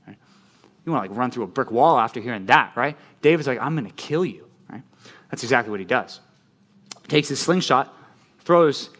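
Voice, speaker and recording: A man preaching a sermon as pastor, animated and conversational, often checking in with "right?". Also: fairly high pitch.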